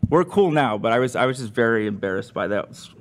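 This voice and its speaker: Man telling a story, animated and laughing. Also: mid-range voice, quick pace. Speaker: podcast crew member. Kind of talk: casual storytelling.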